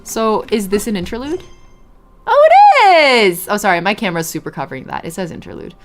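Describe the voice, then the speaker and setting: A woman's voice: medium pitch, animated, quick pace, over loud music. A woman streamer chatting casually while playing a game and answering her chat. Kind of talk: casual gameplay commentary.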